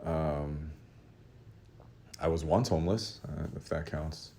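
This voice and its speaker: Guy with a really low voice just rambling thru a funny story, mocks himself a lot. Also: steady tone, slow, slight background noise. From Los Angeles area. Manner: rambling, self-mocking, with laughs and shouted re-enactments. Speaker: artist telling a story to his audience. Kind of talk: casual storytelling monologue.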